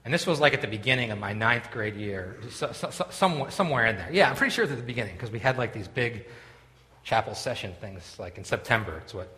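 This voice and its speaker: A man's voice: mid-range voice, lively intonation, quick pace, pushed and bright. A man preaching a sermon in a church, telling a story with many restarts and asides. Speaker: pastor. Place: church sanctuary. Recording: long reverb of a church hall.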